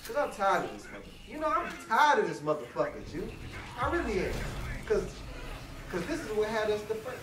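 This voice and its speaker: A gamer giving loud, profane casual commentary while playing a co-op horror game, quick to rage and laugh. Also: mid-range voice, very animated, background noise. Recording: distant mic in an echoey room with loud ambience.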